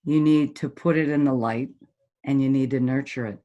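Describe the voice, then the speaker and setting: Blunt, lively middle-aged woman storyteller. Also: extremely low pitch, normal speed, muffled recording. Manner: blunt, lively storyteller who acts out quoted voices. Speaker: golf teaching pro and motivational speaker. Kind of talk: storytelling in a podcast interview.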